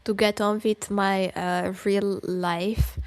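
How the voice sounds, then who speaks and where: Woman venting on her podcast, cusses a lot, sighs, drawn-out delivery, dead dry sound. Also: mid-range voice, level tone, dry recording. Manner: exasperated, profane, loud bursts, with sighs. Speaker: podcast co-host. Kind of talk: heated podcast rant reacting to a document. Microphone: desk microphone close to the mouth.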